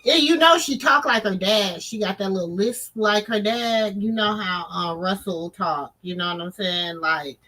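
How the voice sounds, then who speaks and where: A woman's voice: medium pitch, moderate pace, hardly any pauses, sharp tone, poor audio. A woman in AAVE giving chatty commentary to her viewers, full of asides.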